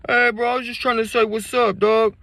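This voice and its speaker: A man's voice: little pitch movement, fairly quick, gravelly, dry recording, full character voice. A man voicing a drunk, pushy young man who slurs his words in street slang. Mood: drunken greeting. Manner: slurred, loud, high-pitched street slang.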